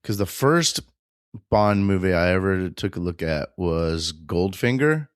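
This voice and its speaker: A man co-hosting a podcast, chatting in a relaxed way and adding his own stories. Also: deep voice, a little slow, smooth, no echo, studio quality. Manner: relaxed, chiming in with short reactions. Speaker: podcast co-host. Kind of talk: casual chat.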